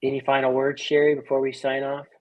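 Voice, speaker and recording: A man with a mid-range voice hosts a casual online stream. He talks with enthusiasm, pausing often on fillers as he gathers his thoughts. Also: medium pitch, completely flat delivery, a little mellow, lo-fi sound. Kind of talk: casual chat.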